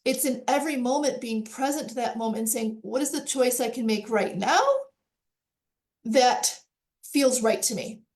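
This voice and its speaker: A woman's voice: a little high, moderate pace, a little mellow. A woman speaking as a panel guest, earnest and reflective, repeating phrases for emphasis.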